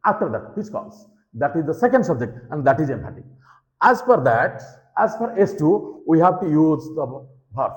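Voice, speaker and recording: A man's voice: a little high, very animated, moderate pace. A man teaching a grammar lesson, repeating key points and often checking if students follow. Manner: repetitive, checks understanding with "okay?". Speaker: English teacher.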